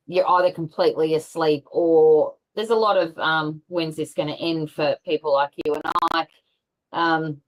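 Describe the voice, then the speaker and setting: A woman's voice: low-pitched, low-quality recording. A woman talking as a guest in casual conversation over a video call, rambling with many fillers and restarts.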